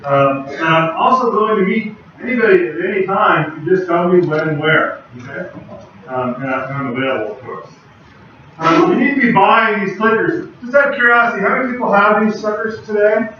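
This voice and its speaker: A man lecturing a university class in a relaxed, chatty manner, his slightly raised voice bouncing around a very echoey lecture hall. He sounds far from the microphone, and the recording is dull and lo-fi with a faint hum behind him. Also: high voice, fairly quick. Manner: casual, conversational, chatty with asides.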